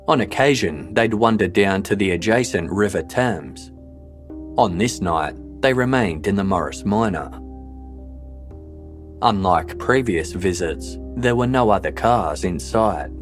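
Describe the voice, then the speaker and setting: A man narrating a true-crime story in a measured, scripted way. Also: deep voice. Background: faint background music.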